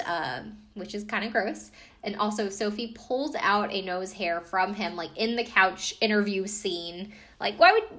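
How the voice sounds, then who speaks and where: A woman's voice: medium pitch, a bit bright. A woman casually recapping a reality TV episode, chatty and profane, with lots of fillers and asides. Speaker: podcast recapper.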